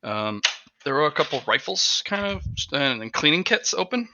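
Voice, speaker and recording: A man chatting casually at home on an online call, rambling and animated, talking to his dog between stories. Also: on the high side, moderate pace, slight background noise. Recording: dull, dry lo-fi mic.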